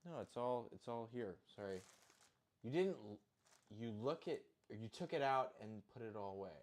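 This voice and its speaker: Cooking at home, a vlogger talks casually in an expressive, medium-pitched voice at an ordinary speed. His kitchen chatter rambles, turns self-deprecating, and includes the odd swear word.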